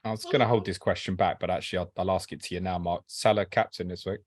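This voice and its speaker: A man hosting a football podcast, asking his guests questions in a relaxed, chatty way. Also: low voice, quick pace, no room sound, studio quality. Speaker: podcast host. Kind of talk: casual podcast chat.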